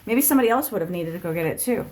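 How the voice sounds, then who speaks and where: A woman's voice: on the low side, animated, racing, darkish tone, a little hiss or hum. A woman hosting a tarot channel, talking in a rambling, profane, wry solo monologue at home, walking between rooms as she talks. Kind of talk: casual stream-of-consciousness monologue.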